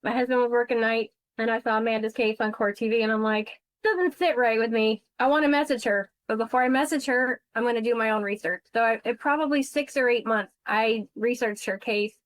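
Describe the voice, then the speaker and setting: A woman's voice: fairly high pitch, steady tone, a little fast, few pauses, no room sound, low-quality recording. A woman guest who investigates insurance fraud, telling her story bluntly and emotionally on a podcast interview. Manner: blunt, emotional, swears freely.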